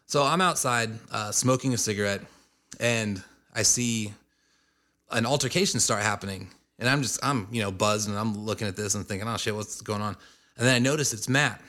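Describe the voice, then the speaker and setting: Male guest, bright voice, casual amused storyteller. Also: fairly low pitch, a little fast. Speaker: band member guest. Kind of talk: storytelling interview.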